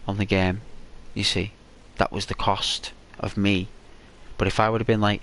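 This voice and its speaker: A man telling a gaming story in rambling, unhurried commentary with many restarts. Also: fairly low pitch, little pitch movement, fairly bright tone.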